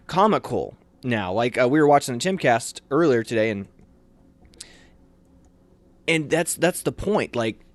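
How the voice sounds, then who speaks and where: A man's voice: medium pitch, expressive, unhurried, long pauses, no echo. A man co-hosting a local morning show, talking through national news in a rambling, conversational way with many restarts. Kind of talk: casual news chat.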